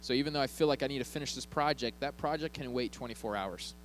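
A male pastor preaching in a church, talking to the congregation in a loose, conversational way and slipping in jokes. He keeps checking in with them as he goes, and his voice sits in an ordinary middle pitch. A faint hum runs underneath. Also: fast talker, fairly bright tone, low-quality recording. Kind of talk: sermon.

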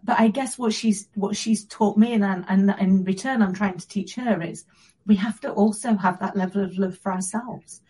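Earnest woman guest with a warm, raspy tone, speaking reflectively. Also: medium pitch, poor audio. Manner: earnest and reflective, with soft pauses. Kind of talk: personal story in an interview.

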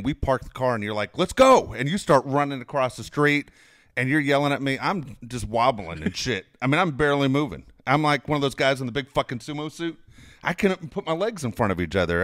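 A man's voice: medium pitch, fairly bright tone, no room sound, studio quality. A middle-aged man telling a long personal story in casual chat, swearing freely and laughing often.

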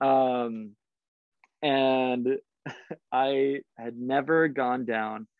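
A man's voice: mid-range voice, steady tone, drawn-out words, no echo, phone-quality sound. A man telling a long casual story as a podcast guest, rambling and swearing, with many fillers. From Southern California. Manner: rambling, profane, lots of fillers.

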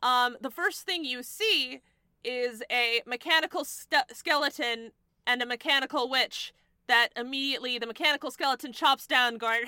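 A woman's voice: sits high, moderate pace, pushed and bright, clean tone, no room sound, studio quality. A woman narrating as game master in a tabletop game, describing scenes with lots of fillers and hesitations.

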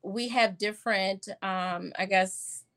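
A woman's voice: medium pitch, fairly even intonation, slow, fairly bright tone. Chatty middle-aged woman pediatrician. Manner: chatty, laughs often, acts out patient talks. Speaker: pediatrician guest. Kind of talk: conversational podcast interview.

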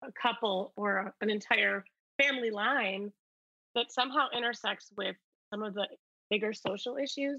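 A woman documentary filmmaker being interviewed, talking earnestly and reflectively with many pauses and fillers, in a deep morning voice. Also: vocal fry, bright, forceful tone, breathy edge, dry recording, muffled recording. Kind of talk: conversational interview answer.

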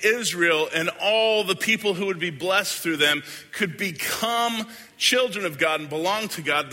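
A man preaching a sermon as a pastor, earnest and deliberate, often letting his lines fade softly at the end. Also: high voice. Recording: hall with long reverb.

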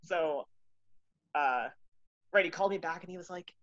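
Profane, animated woman telling a story. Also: fairly low pitch, normal speed, no room sound, lo-fi sound. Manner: profane, animated, self-mocking. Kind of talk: casual anecdote.

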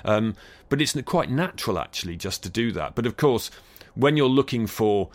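A man's voice: mid-range voice, lively intonation, moderate pace. A man with an English accent from Bristol, answering interview questions in a studio, thoughtful and hesitant with frequent restarts. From England. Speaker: acoustics scientist guest. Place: recording studio.

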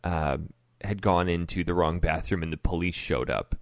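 A man's voice: sits low, normal speed, dry recording, studio quality. A man hosting a podcast, telling stories in a laid-back way and laughing often. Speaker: podcast host. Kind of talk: casual chat and storytelling.

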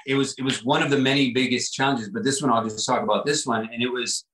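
A man's voice: medium pitch, fairly even intonation, fast, a bit bright. Guy opening up about his past on a podcast, earnest and reflective, lots of "like" and "right?", medium voice, some room echo. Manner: earnest, reflective, repeats words with frequent "like" and "right?". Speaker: podcast guest. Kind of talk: personal storytelling.

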